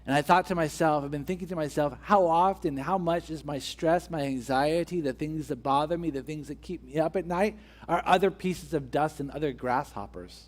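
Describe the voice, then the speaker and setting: A somewhat high-voiced man delivers a sermon from the pulpit. He presses his point through repeated rhetorical questions, letting his emphasis build as he goes. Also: moderate pace, hardly any pauses. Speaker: pastor.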